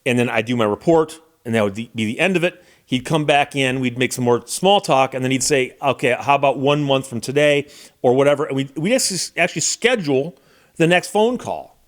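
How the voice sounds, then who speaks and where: A man's voice: mid-range voice, brisk. Somber, reflective American man. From United States. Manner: somber, reflective, with frequent restarts. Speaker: lawyer and YouTube host. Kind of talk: casual monologue to camera.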